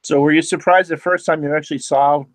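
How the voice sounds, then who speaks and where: A man with a slightly raised pitch, trading wry jokes in a casual chat. His banter is relaxed and conversational. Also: fast talker, no echo. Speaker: chat guest.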